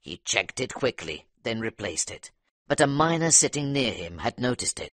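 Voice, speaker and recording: Expressive male audiobook narrator. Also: mid-range voice, normal speed, no echo, studio quality.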